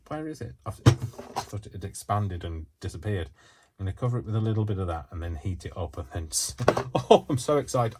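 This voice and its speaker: A man hosting a casual craft demonstration from a home craft space, talking in a rambling, excitable way with lots of fillers. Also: low-pitched, a little hiss or hum. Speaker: craft channel host.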